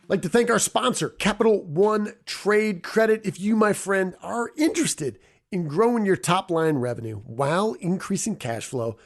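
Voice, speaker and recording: Male podcast host, slightly high voice, punchy and playful delivery. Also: lively intonation, moderate pace. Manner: playful, emphatic, repeats for effect. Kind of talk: energetic podcast intro and interview.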